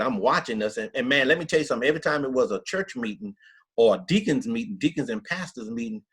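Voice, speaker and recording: A man's voice: mid-range voice, animated, quick pace, a bit bright, slightly rough. A middle-aged man, a pastor, telling his story in an interview with emphatic, earnest country talk. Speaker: pastor, guest.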